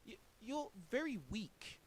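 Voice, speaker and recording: A man's voice: very high voice, takes it slowly, a little hiss or hum. A man streaming his reaction to a clip, mocking and exasperated, tossing in "bro" and laughing as he talks. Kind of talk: reaction commentary.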